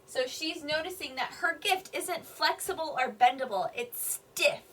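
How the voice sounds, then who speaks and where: A woman kindergarten teacher reading a picture book aloud to young children, slowly explaining each sentence in simple words. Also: high voice, a bit bright. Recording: voice a bit distant from the mic.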